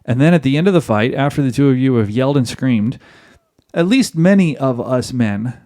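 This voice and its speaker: A man hosts a podcast offering marriage advice to other men, his mid-range voice expressive, brisk and mellow. He delivers a direct, lecturing monologue and addresses listeners as guys.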